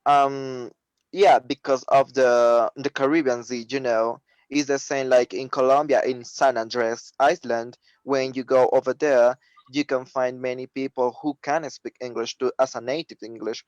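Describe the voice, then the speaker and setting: A man's voice: mid-range voice, steady tone, darkish tone, no room sound, dull audio. Native Spanish-speaking man, dry close sound. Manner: halting, many fillers and restarts. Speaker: webinar participant. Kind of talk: casual online discussion. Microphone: video call.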